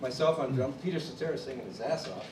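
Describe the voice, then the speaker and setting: A man from Chicago tells stories at a drum clinic in an animated way, acting out the people he quotes. His voice sits at an average pitch. He is picked up from across an echoey room with steady background noise. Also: quick pace, recorded from a distance. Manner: animated storyteller who acts out others' quotes. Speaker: drummer telling his story at a clinic. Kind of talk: storytelling interview.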